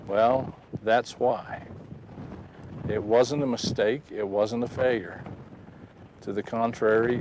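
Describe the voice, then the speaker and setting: A man telling a personal story in a folksy, animated way, recorded outdoors. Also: on the low side, noisy background. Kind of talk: personal testimony told outdoors.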